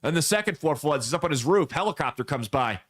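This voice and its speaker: Higher-voiced man in blunt political commentary. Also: expressive, quick pace, a bit bright. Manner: folksy, emphatic storytelling. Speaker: podcast host.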